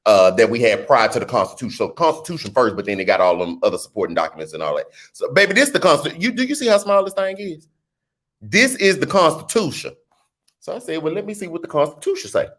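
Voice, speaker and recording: A middle-aged man with a New Orleans accent, talking casually to camera about politics, with lively rhetorical questions and teasing asides. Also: mid-range voice. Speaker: political commentary vlogger. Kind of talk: casual explainer vlog.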